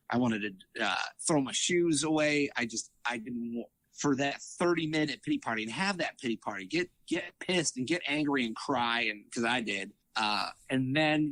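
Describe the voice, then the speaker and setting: A man's voice: mid-range voice, dry recording. A man talking in a casual interview, voice in the middle of the usual male range. He tells his stories with energy, acting out what others said and tripping over restarts. The sound is dry and close. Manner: animated, acts out quoted dialogue, frequent fillers and restarts. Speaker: triathlete guest.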